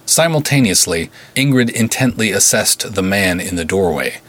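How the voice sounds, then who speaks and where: A man narrating a pulp-style serial story in a measured, vivid storytelling manner. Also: on the low side, animated, fairly bright tone. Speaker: writer and narrator.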